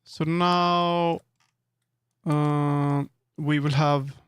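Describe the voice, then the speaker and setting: A man's voice: on the high side, flat delivery, very slow, fairly bright tone, clear, resonant tone, no echo, clean studio sound. A man chatting casually on a live stream, thinking aloud and correcting himself as he works. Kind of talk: casual live-stream chat while working.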